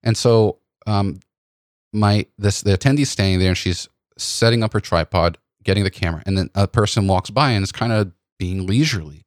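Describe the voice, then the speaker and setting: Deep-voiced man telling stories on a podcast. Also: brisk, dry recording, clean studio sound. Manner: animated, many restarts and fillers. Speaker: podcast host and photography workshop leader. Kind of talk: casual conversational storytelling.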